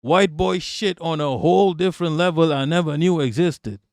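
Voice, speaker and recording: A man's voice: fairly high pitch, moderate pace, a little mellow, dry recording, clean studio sound. Emphatic, foul-mouthed male streamer ranting. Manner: emphatic, repetitive, swears constantly. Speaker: live-stream political commentator. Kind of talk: profane reaction rant.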